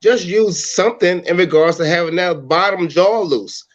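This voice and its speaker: Panelist, man, slightly high voice, blunt jokey rant, dull muffled recording. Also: normal speed. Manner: blunt, profane, jokey rants. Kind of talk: casual chat.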